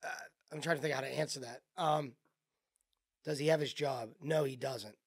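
A man's voice: mid-range voice, steady tone, normal speed. A man co-hosting a sports talk show, getting worked up and firing off exclaimed questions. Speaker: co-host.

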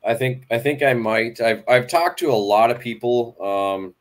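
A man hosting a fishing channel's live talk in a relaxed way, asking guests questions and reading out viewer questions. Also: mid-range voice, moderate pace. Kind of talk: casual live-stream chat.

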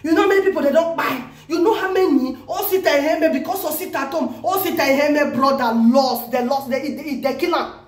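Excitable high-voiced Nigerian woman. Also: a little fast, reverberant. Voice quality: animated, exclamatory, repeats herself. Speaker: vlogger. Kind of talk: excited news commentary vlog.

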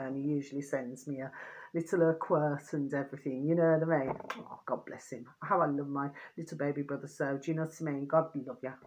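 A woman vlogger talking in a rambling, repetitive way to her viewers, often irritated and venting. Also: sits low. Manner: rambling, repeats pet phrases, asks "do you see what I mean". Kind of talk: rambling casual monologue to viewers.

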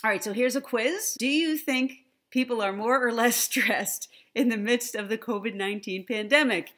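A woman gives an online conference talk with slides on the brain and language learning, recorded through a computer mic. Her voice is a little high and a bit bright at normal speed, and she's friendly and teacherly, often checking in with "right?" and "okay?".

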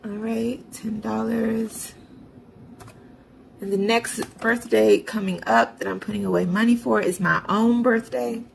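A woman's voice: a little high, fairly even intonation, a little slow, slight background noise, rough recording. A woman vlogger narrating her budgeting and bill transfers in a chatty, self-talking way, with sarcastic asides. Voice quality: gravelly vocal fry. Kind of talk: casual narration of online banking.

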